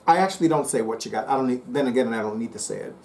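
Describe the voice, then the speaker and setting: A man talking casually to his viewers, chatty and playful with lively asides. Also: mid-range voice, very fast. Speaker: psychic reader and YouTuber. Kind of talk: casual monologue to camera.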